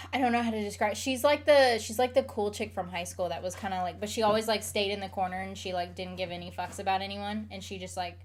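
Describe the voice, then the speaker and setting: A woman's voice: mid-range voice, fairly even intonation, fairly quick. A young adult woman chatting casually as a streamer, rambling with lots of fillers while she answers chat questions. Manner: rambling, filler-heavy, frequent "like".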